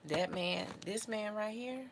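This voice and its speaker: A woman's voice: medium pitch, a little slow, a little hiss or hum. A young adult woman vlogging casually to camera, talking in an emotional, heartfelt, rambling way. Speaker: beauty vlogger.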